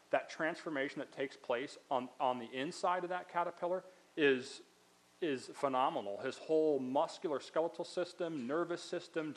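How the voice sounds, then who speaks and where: A man's voice: mid-range voice, rough recording. A man giving a sermon as a pastor. He talks in a conversational way, explaining things step by step and dropping in casual asides.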